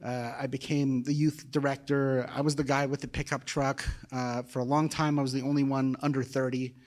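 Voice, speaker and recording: A man's voice: mid-range voice, little pitch movement, fairly quick, a little mellow. A man, telling his conversion story in a sermon, emotional and conversational. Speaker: guest preacher. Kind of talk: personal testimony sermon.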